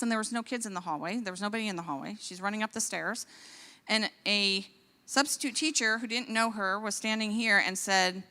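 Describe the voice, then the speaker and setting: A woman in her forties, a physician, giving an impassioned talk at a church, indignant and animated, her voice rising to exclamations. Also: medium pitch. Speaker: physician speaker. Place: large church hall. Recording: long hall reverb.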